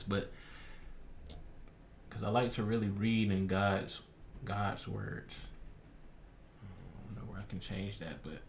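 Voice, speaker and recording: A young man with a fairly low voice reads old scripture aloud at an unhurried pace. He trips over archaic names, clears his throat a lot and drops casual remarks between verses. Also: a bit bright, a little hiss or hum. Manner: stumbles over old words, clears throat often, chatty asides. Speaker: bible reading vlogger.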